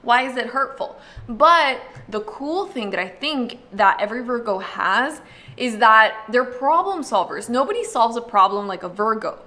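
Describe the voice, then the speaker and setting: A woman hosting an astrology video, talking casually and explaining to the viewer, full of "like" and quick acted-out quotes. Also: fairly high pitch, sing-song, sharp tone. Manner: chatty, uses lots of "like", acts out quick voices. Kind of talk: casual explanatory talk to camera.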